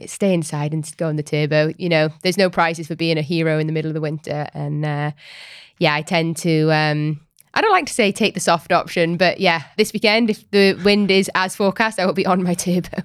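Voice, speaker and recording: Smooth-voiced Welsh woman, athlete guest. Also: deep voice, brisk, dry recording, clean studio sound. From Wales. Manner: friendly, laughs easily. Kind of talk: casual interview chat. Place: podcast studio.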